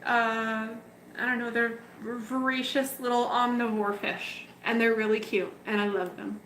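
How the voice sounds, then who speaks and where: A woman's voice: on the high side, flat delivery, unhurried, a bit bright, slight background noise. A woman hosting a casual livestream from her home fish room, chatting fondly and cooing at her fish while carrying the camera around. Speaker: betta fish breeder and channel host. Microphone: handheld camera moved around the room.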